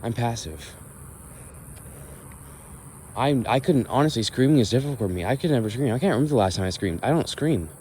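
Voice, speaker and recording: A man's voice: mid-range voice, lively intonation, a little fast, long pauses, a little mellow, a little hiss or hum. A young man ranting in exasperation during a walk-and-talk vlog, recorded outdoors at dusk. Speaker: vlogger.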